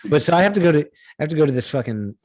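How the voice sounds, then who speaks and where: A man's voice: a little high, animated, rapid-fire, darkish tone. Profane ranting podcast co-host man. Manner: profane, ranting, rambling with restarts. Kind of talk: casual podcast banter.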